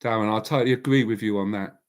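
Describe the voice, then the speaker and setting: A man's voice: lowish voice, fast talker. A man hosting a casual live chat, talking bluntly in a rambling way and answering viewers by name. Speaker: livestream host.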